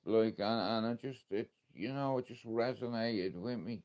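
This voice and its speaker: A man's voice: medium pitch, expressive, measured pace, darkish tone. A man with an Irish accent talking casually on a live stream, blunt and emotional, swearing often as he tells a story. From Ireland. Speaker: livestreamer.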